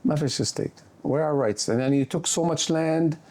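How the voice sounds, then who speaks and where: Middle-aged man, warm animated storyteller. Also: a little high, a little fast. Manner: animated storyteller, drops Arabic words into English. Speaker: guest surgeon. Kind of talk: conversational storytelling.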